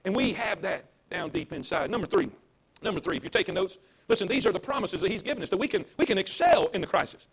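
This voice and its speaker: A man's voice: high-pitched, animated, quick pace, a bit bright, slightly rough. A man, a pastor preaching a livestreamed sermon to an empty church, emphatic and repetitive, with call-and-response.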